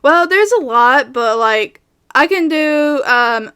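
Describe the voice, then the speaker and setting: A young woman voice actor answers questions in a laid-back, rambling vlog full of fillers, recorded at a home bedroom setup on a studio mic with a pop filter. Her voice sits high and is expressive and fairly bright, and she takes it slowly.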